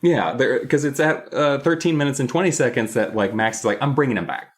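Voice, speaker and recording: A man's voice: mid-range voice, lively intonation, brisk, crowd noise. A man co-hosting a podcast, recapping a book episode in a playful, rambling way. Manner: playful, rambling, often laughing. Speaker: podcast co-host.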